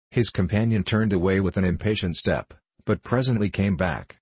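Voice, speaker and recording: A man reading a classic novel aloud in a measured, unhurried way, with a husky voice. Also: sits low, dry recording. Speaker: audiobook reader.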